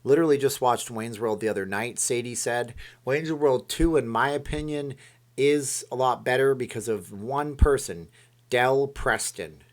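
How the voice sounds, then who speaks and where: A man's voice: mid-range voice, measured pace. A man hosting a casual live stream, rambling as he reads viewer comments aloud and answers them.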